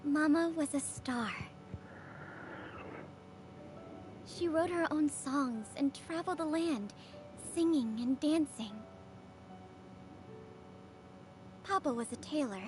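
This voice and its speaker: A woman's voice: sits high, normal speed, faint music behind, natural voice. An actress voicing a cheerful, earnest young woman dancer in a video game who is eager to leave home. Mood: hopeful. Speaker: game character.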